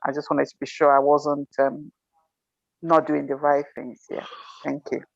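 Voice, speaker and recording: A woman's voice: deep voice, little pitch movement, unhurried, creaky, no room sound. A woman working as a consultant, speaking on a video call in a hesitant way with many fillers. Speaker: consultant asking a mentor. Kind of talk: group video call chat. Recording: dull, dry video call audio.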